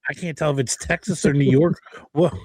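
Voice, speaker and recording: A man's voice: on the high side, steady tone, moderate pace, a little mellow, breathy edge, no echo. A man on a comics panel, joking and laughing often as he talks. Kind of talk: casual podcast chat.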